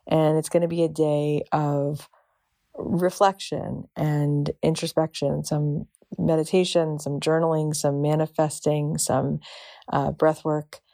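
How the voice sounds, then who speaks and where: A woman podcast host giving an earnest, measured promotional intro. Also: sits low, little pitch movement, gravelly, dark tone, no room sound, studio quality.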